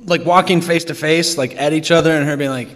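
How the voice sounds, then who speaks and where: A man hosting a live storytelling event, reacting to a story in an animated, loose way. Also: a little high, brisk, big-room sound. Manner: animated, many likes. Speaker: host.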